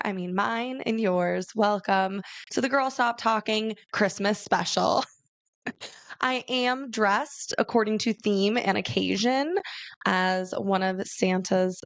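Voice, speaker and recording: A young woman hosting her own podcast from her bedroom on a handheld mic, chatty, bubbly and profane, rushing her words in casual solo talk. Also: medium pitch, gravelly, dry recording. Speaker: podcast host. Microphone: handheld microphone.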